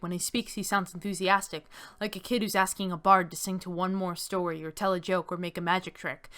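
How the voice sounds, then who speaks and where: A young woman game streamer chats casually while playing a text game, reading its story aloud, laughing easily, and using lots of fillers. Her voice is medium-pitched with a fairly bright tone.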